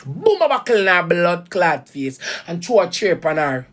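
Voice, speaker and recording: A woman's voice: fairly low pitch, sing-song, moderate pace. A woman with a Jamaican accent, ranting heatedly to viewers about a betrayal, swearing in patois. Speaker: vlogger. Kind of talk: emotional personal rant to viewers.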